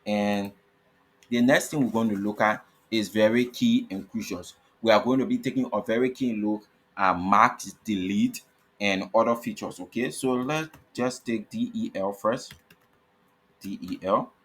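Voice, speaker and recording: In a voice on the low side with a breathy edge, a man takes his time teaching a coding lesson over his screen. He repeats himself, spells out each tag name letter by letter, and regularly checks in with "okay?"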